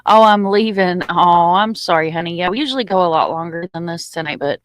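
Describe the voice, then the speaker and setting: A woman's voice: lowish voice, brisk, no echo. Chatty woman hosting a live stream. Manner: chatty and informal, talking to viewers. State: a little short of breath. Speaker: livestream host. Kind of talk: casual livestream chat.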